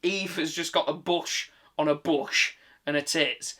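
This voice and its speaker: A man's voice: fairly high pitch, steady tone, moderate pace, pushed and bright. A British man giving a casual, exasperated film rant, full of swearing and filler words. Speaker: film reviewer. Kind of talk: casual ranting commentary.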